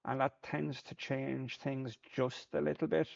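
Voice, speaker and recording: A man's voice: mid-range voice, flat delivery, a little slow, gravelly, a little mellow, lo-fi sound. A man, a Paralympic sport shooter, talking through his thoughts in a plain-spoken reflective monologue, often repeating words as he thinks.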